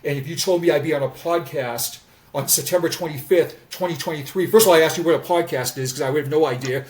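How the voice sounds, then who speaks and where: A man's voice: on the high side, fast. A man around sixty, a former police officer, telling candid stories in a podcast conversation, earnest and repeating words as he restarts sentences. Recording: voice distant from the mic.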